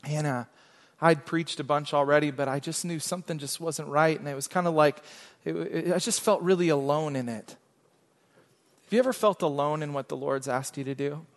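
A middle-aged man pastor preaching a sermon, telling a quiet personal story that builds into loud, fervent exhortation. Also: fairly high pitch, moderate pace. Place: church sanctuary. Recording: long hall reverb.

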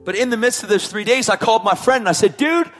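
A man's voice: sits high, fast talker, a bit bright, soft background music. A man telling his personal testimony in an emphatic way, repeating his phrases for weight. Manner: emphatic, repetitive storytelling. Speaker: testimony speaker.

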